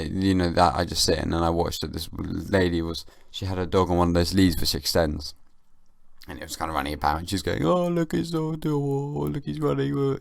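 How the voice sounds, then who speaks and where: A young man hosting a casual solo podcast, sleepy and just woken, musing in a rambling, deadpan comic way. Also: low voice, vocal fry, no room sound, clean studio sound. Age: young adult. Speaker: podcast host. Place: at home, downstairs.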